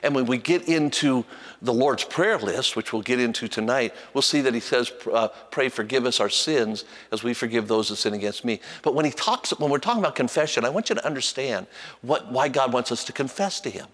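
A man preaching a sermon as pastor, animated and repeating himself with restarts, at times singing a hymn softly. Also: medium pitch, fairly quick, long reverb tail. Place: church sanctuary with long reverb.

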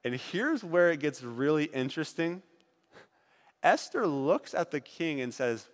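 A man retelling a Bible story with volunteers, dramatic and swinging from excited to hushed. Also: a little high, unhurried. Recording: reverberant hall.

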